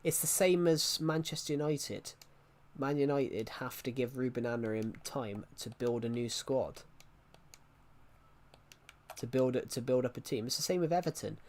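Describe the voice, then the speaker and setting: A man's voice: mid-range voice, moderate pace, a little mellow. Rambling male live streamer. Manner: rambling, repeats and restarts phrases. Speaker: game streamer. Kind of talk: casual live-stream chat.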